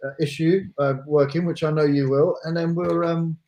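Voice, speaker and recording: A man, a guest singer, chatting on a video call in a halting way with many pauses and restarts. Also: on the high side, steady tone, a little mellow, a little hiss or hum. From England. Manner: hesitant, lots of ums and restarts. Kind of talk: casual video call chat.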